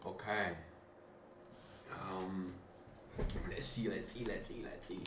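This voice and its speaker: A man live-streaming his trading at a computer, talking casually to viewers, swearing freely and calling them man and bro, often dropping to a quiet mumble as he focuses. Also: fairly even intonation, takes it slowly, long pauses, noisy background. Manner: mumbles low and quiet while focused on the chart.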